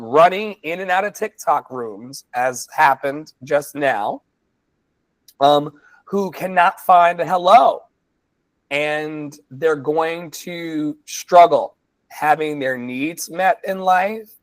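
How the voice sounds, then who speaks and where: A man's voice: medium pitch, dry recording, poor audio. A man co-leading a coaching masterclass, giving a motivational talk with folksy, emphatic phrasing. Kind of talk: motivational talk to an online audience.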